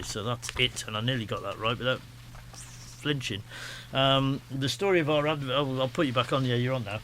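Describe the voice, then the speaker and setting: A man's voice: medium pitch, moderate pace, fairly bright tone, slight background noise. A man with a Staffordshire accent hosting a radio show, chatting in a rambling, self-deprecating way with lots of restarts. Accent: Staffordshire English. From England, Stafford. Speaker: radio host. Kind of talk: casual radio chat. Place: radio studio.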